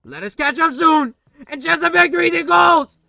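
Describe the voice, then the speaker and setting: A man voicing an excitable male ghost who shouts every line in a high, strained voice. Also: moderate pace, vocal fry, soft background music, full character voice. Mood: ecstatic shouting. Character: hyper excitable male ghost, giddy and loud.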